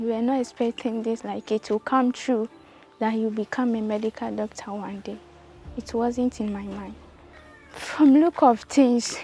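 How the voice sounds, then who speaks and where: A woman, the student's elder sister, answering an interview in quick, simple phrases. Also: fairly high pitch, dark tone, low-quality recording.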